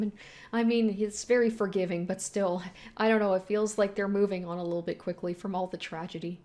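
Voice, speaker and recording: A woman's voice: mid-range voice, fairly even intonation, fairly quick, a little mellow. A woman casually reading a manga aloud and reacting to it, chatty and laughing often. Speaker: manga read-and-react host.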